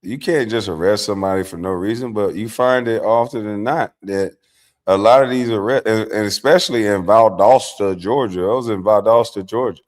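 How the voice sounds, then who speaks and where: A middle-aged man hosting a livestream, telling stories in a casual, profane, animated way, dropping from low mutters to loud outbursts. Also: fairly quick. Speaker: livestream host.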